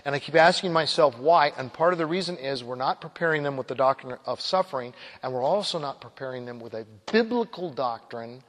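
A man preaching a sermon, quoting scripture and slowing down sharply to stress key phrases. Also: mid-range voice, lively intonation, a bit bright. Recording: long hall reverb.

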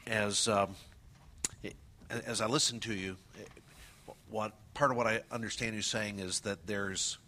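A man interviewing a speaker on a church stage, asking thoughtful questions with some halting restarts. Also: on the low side, fairly even intonation, pushed and bright, a little hiss or hum. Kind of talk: onstage conversation.

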